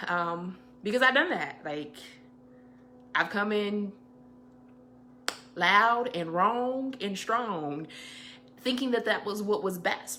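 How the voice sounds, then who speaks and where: A young adult woman hosting her weekly update as an educator, talking in a casual, reflective way with emphatic, animated stretches and colloquial asides. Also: mid-range voice, slight background noise.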